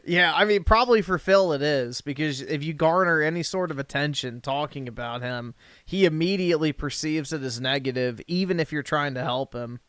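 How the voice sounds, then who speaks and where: Smooth-voiced man reacting, laughing and swearing. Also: a little high, fairly quick, dry recording. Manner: laughing, profane, animated asides. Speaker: livestream host reacting to a clip. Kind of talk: casual reaction commentary.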